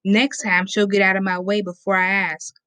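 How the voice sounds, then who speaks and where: A woman's voice: medium pitch, little pitch movement, normal speed, bright, forceful tone, clear, resonant tone, no echo, lightly acted. Woman doing a bullying teen girl, demanding and threatening, dry close sound, storybook read. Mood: bossy. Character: bossy, bullying teenage girl.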